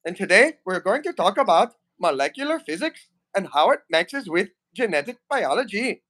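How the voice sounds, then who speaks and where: A man's voice: high voice, big pitch swings, normal speed, a bit bright. A man voicing an overeager male Indian lecturer, with a put-on, exaggerated sing-song Indian English accent. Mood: mock grandiose.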